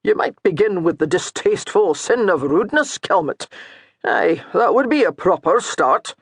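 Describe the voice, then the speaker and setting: A woman narrator voicing a gruff, mocking male priest with a thick Scottish brogue. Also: fairly low pitch, lively intonation, normal speed, no room sound, clean studio sound. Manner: baiting, scolding, dour.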